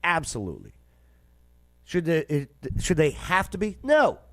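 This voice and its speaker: Animated sarcastic male host. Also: a little high, normal speed, no echo. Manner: animated, sarcastic, repeats phrases for emphasis. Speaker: show host. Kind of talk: casual commentary on a news clip.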